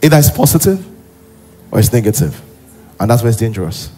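A man preaching a sermon in a church. He is animated and often acts out characters. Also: mid-range voice, brisk, husky, faint music behind. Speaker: pastor.

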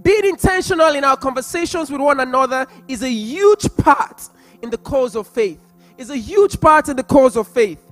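A man preaching and leading prayer, repeating phrases and breaking into loud, impassioned, sung prayer. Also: extremely high pitch, animated, normal speed, soft background music. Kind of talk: sermon with prayer.

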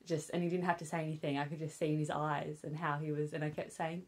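This is a deep, darkish female voice, steady in tone and quick in pace. A young British woman is casually vlogging to camera at home with her newborn, her speech full of fillers like "um" and "obviously."

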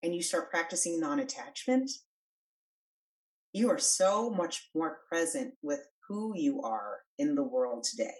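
A woman's voice: low-pitched, far from the mic, poor audio. A middle-aged woman guest on a podcast, talking earnestly and emphatically about breath and stress. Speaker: podcast guest, energy worker. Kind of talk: conversational interview.

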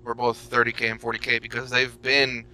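A young man chats casually on a podcast in a bright, forward voice. He tells stories and cracks jokes, swearing freely along the way. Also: mid-range voice, monotone, brisk, gravelly, rough recording. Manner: storytelling, profane, joking. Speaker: podcast co-host. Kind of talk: casual chat.

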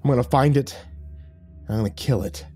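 A man's voice: mid-range voice, a little fast, warm tone, soft background music, voice pushed up, natural voice. Man doing a blunt, tough monster hunter. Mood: determined. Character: determined male sword-wielding monster hunter.

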